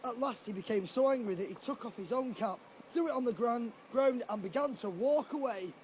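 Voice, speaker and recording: A man's voice: very high-pitched, a little fast, slight background noise. A young man reading a picture book aloud to children, giggly and apologetic, breaking off into laughter. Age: young adult. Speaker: guest reader at a children's event.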